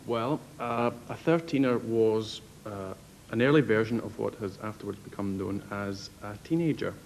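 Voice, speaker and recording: A man's voice: on the low side, moderate pace, a little mellow, a little hiss or hum, rough recording. A man panel guest giving a definition hesitantly, with many fillers. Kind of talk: bluffing a definition.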